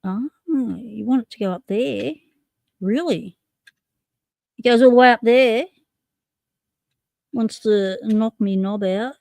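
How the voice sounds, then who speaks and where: A woman's voice: a little high, slow pace, gravelly, pauses often, darkish tone, no room sound. Chatty woman tinkering on stream. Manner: chatty, narrating while tinkering, reading chat aloud. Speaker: livestream host. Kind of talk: casual live stream chat.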